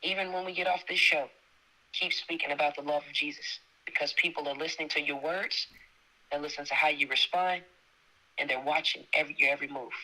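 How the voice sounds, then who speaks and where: A woman's voice: low-pitched, fairly even intonation, fairly quick, bright, forceful tone, rough recording. A woman giving an emphatic, preacher-like word of encouragement as a guest on a talk show. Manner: emphatic, repetitive, exhorting. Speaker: faith segment guest.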